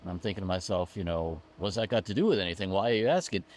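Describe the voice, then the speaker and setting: A man hosting an interview podcast, relaxed and conversational, retelling anecdotes and offering quick replies. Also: deep voice.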